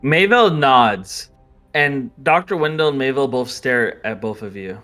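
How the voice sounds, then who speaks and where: A man narrating a tabletop game as game master, playful and quick to laugh. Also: mid-range voice, lively intonation, bright, forceful tone, soft background music.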